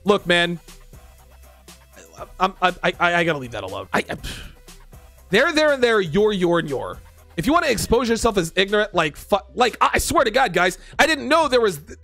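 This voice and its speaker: A man's voice: high voice, big pitch swings, fairly quick, vocal fry, bright, forceful tone, faint music behind. A man hosting a dating commentary show, ranting in exasperation at viewer comments with profane sarcasm.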